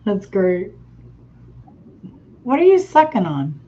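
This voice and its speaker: Slow easygoing woman hosting game night. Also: medium pitch, very animated, mellow. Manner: laughs often, easygoing. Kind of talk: casual livestream chat. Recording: muffled stream audio, faint hiss.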